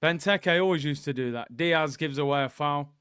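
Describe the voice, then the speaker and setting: A young man hosting a live football watchalong, reacting excitably and joking with viewers. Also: a little high, normal speed, clear, resonant tone, no echo, clean studio sound. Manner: excitable, jokey banter with viewers. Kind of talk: live match watchalong commentary.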